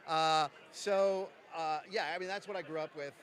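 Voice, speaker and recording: Bright-voiced joking American man. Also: fairly high pitch, steady tone. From Jersey City, USA. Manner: jokey, quick, self-mocking. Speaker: game designer guest. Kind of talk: casual convention interview. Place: convention lounge.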